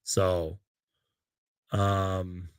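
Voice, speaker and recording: A man with a deep, resonant, clear voice and very little pitch movement speaks extremely slowly. He's hosting a casual sports livestream, rambling loosely as he reads out game stats and viewer comments. The recording is studio quality with no echo.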